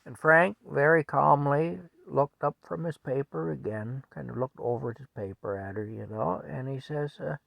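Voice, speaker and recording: A man's voice: mid-range voice, normal speed, gravelly, few pauses, a bit bright, no room sound, low-quality recording. An older man telling a family story in a rambling, folksy way, often chuckling.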